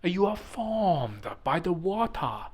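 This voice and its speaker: A man voicing an exaggerated proverb-quoting sage in a put-on Chinese accent, with a hushed, breathy, drawn-out delivery. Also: high voice, big pitch swings, pitched above the performer's own voice, exaggerated voice. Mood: mock solemn.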